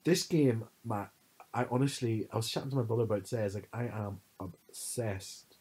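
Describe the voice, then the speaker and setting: A man co-hosting a podcast, telling stories in an animated, casual chat full of fillers. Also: mid-range voice, rapid-fire, slightly rough, low-quality recording. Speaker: podcast co-host.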